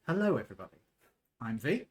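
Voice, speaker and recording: A man's voice: mid-range voice, very animated, fast, a little mellow, a little hiss or hum. A man hosting a live tabletop game as dungeon master, mixing mock-formal introductions with dry, sweary banter.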